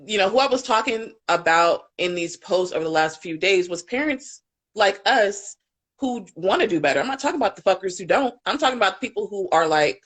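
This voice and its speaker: An impassioned woman coach talks openly about raising her child in a live panel conversation. Her voice sits at an ordinary middle pitch. She speaks frankly and drops swear words without hesitation. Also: lively intonation, fairly quick. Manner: candid, impassioned, swears freely. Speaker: parent coach.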